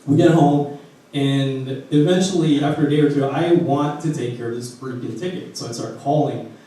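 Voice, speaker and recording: A man from Arizona casually telling an animated personal story and acting out the people in it. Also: medium pitch, normal speed, heavy reverb, distant mic, poor audio. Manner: casual, animated, acts out quotes.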